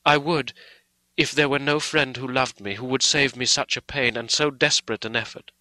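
A man's voice: mid-range voice, steady tone, moderate pace, sharp tone, dry recording, low-quality recording. A man reading aloud, voicing a brave and sorrowful young woman who speaks earnestly and with resolve. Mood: resolute. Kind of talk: audiobook character voice.

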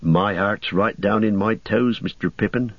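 A man's voice: fairly low pitch, unhurried, dry recording. Sam, a man doing a loyal homely hobbit. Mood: steady. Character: loyal homely male hobbit servant, stout-hearted. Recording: dull dry audiobook recording.

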